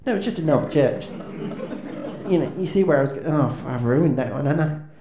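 A man with a slightly high, animated voice speaks fairly quickly, a crowd audible behind him. He's a band's comedic frontman doing awkward, self-deprecating stand-up patter with many ums and restarts, and the echoey room has faint ambience.

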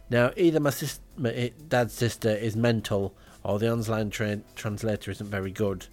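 A man's voice: on the low side, normal speed, hardly any pauses, darkish tone, faint music behind. A man with a dry, rambling manner, telling a comic audio diary at home as podcast host. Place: indoors, front room at home.

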